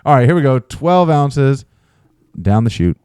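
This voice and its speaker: Young dad cohost rambling thru an ad, lots of pitch swing, dry sound. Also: male voice, very animated, measured pace, darkish tone, clean tone, dry recording. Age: young adult. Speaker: podcast co-host. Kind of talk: casual chat, reading ad.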